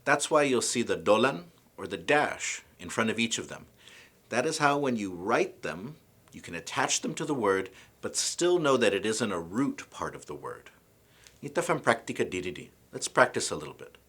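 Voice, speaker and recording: A man giving a scripted language lesson, pronouncing example words slowly and carefully. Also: fairly low pitch, big pitch swings, a bit bright, slightly rough. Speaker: language teacher.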